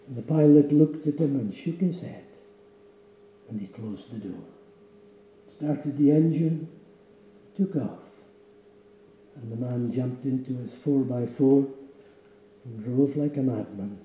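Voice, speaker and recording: A man's voice: medium pitch, unhurried, long pauses, mellow, roomy sound, poor audio. A man preaching a sermon in a church, telling a story dramatically and then leading a solemn prayer. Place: church sanctuary.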